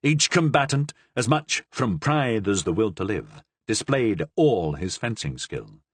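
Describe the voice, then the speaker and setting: Husky man narrating a historical novel. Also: lowish voice, very animated, measured pace, no room sound. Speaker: audiobook narrator.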